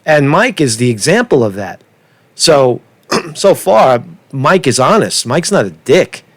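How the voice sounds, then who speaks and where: A man's voice: medium pitch, very animated, unhurried, no echo. A man doing ranting street commentary for his vlog, swearing a lot and tagging nearly every point with "right?". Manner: profane, keeps asking "right?". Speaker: street vlogger.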